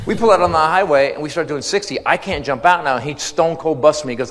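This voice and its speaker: A man doing a stand-up comedy set, telling a story to a live audience with loud shouted bits and swinging pitch when he acts out other people. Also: fast talker, hardly any pauses. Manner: shouted act-outs, swinging pitch for comic voices. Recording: live club recording, loud crowd and room noise, long reverb. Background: audience laughter.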